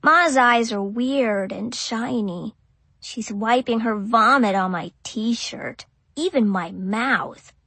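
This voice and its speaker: Lady reading a story as a little kid, slow and careful, kinda high and husky. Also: bright, forceful tone, no room sound. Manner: simple childlike phrasing, slow and careful. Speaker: audiobook narrator. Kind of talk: first-person audiobook narration as a small child.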